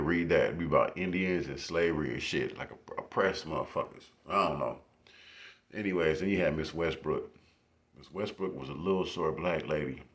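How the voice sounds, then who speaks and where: A young man casually telling stories into his phone, swearing freely and laughing as he goes. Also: extremely low pitch. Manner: profane, laughing, animated retelling. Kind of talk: casual storytelling.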